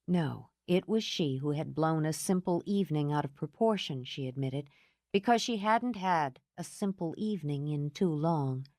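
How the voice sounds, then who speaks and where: Ekspresyjna lektorka, suche studyjne nagranie. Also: female voice, deep voice, expressive, moderate pace, a little mellow, no room sound, clean studio sound. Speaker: audiobook narrator. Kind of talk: scripted narration.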